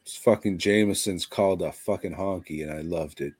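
A man's voice: sits low, fairly quick, darkish tone, husky, no echo. A man co-hosting a casual podcast, ranting bluntly with constant swearing. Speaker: podcast co-host. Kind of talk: casual chat.

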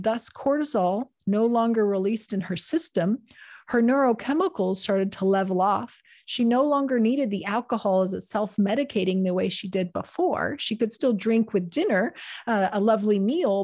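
A woman's voice: mid-range voice, a little mellow. A woman hosting a talk on anxiety, explaining in an earnest, teaching manner and acting out quoted dialogue. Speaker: therapist host.

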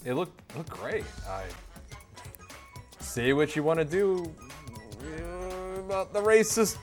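A man on a podcast making dry, deadpan jokes in casual chat. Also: sits high, takes it slowly, faint music behind. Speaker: podcast co-host.

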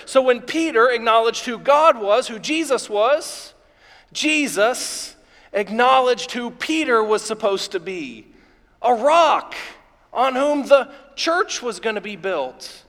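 A man with a very high voice delivers an eager, excitable sermon to his congregation. His words ring out with a long reverb, as in a large church hall. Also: slow pace. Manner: enthusiastic, excitable preaching. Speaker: pastor. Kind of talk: live sermon. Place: church sanctuary before a congregation.

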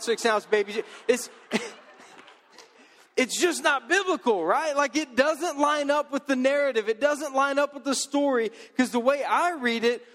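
High-voiced joking preacher in a hall. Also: male voice. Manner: casual, joking, lively. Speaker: pastor. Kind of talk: sermon.

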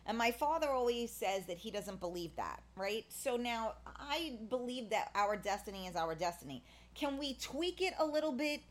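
A woman's voice: on the high side, expressive, moderate pace, hardly any pauses. A woman talking in a casual, rambling monologue, full of fillers and restarts, blunt and candid. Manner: candid, blunt, swears in passing.

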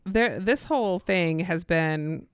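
A woman's voice: lowish voice, slow, clean tone, dry recording, clean studio sound. A woman co-hosting a casual chat show, chatty and prone to losing her words and laughing. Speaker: podcast co-host. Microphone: looking at her phone while talking.

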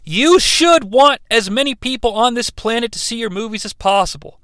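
A man's voice: extremely high pitch, lively intonation, moderate pace, fairly bright tone, clear, resonant tone, no room sound. A man reviewing a movie in a sarcastic, profane, rambling comedic rant.

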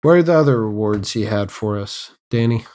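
A man's voice: lowish voice, expressive, a little fast, darkish tone. A man co-hosting a casual film podcast, who drops short, dry, wry quips. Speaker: podcast co-host.

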